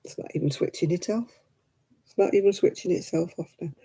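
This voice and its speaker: A woman's voice: on the low side, fairly quick, warm tone, breathy edge. A woman hosting a casual craft live stream, chatty and rambling, laughing often.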